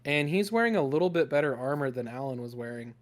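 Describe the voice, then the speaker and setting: A man's voice: medium pitch, expressive, fast. A man running a tabletop game as game master, narrating loosely with fillers and laughter.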